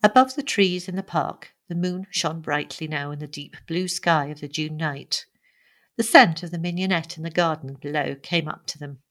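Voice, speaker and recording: A woman narrating a novel in an even, measured reading style. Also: deep voice. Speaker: audiobook narrator. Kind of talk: scripted narration.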